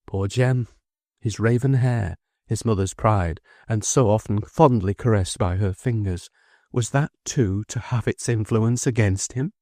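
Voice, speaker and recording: Man narrating a classic novel: measured, expressive, fairly low voice, dry studio sound. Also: no echo. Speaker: audiobook narrator. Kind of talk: scripted audiobook narration.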